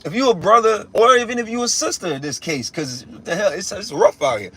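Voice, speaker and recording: A man's voice: high voice, animated, fairly quick, pushed and bright, breathy edge. A young man giving a casual spiritual rant as a religious teacher, emphatic and profane, repeating himself and restarting often.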